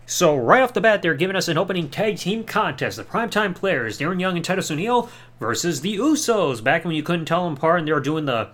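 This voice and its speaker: A man's voice: a little high, expressive, fairly quick, a bit bright. A man hosting a podcast, reviewing in a sarcastic, mocking way and swearing casually. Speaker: podcast host.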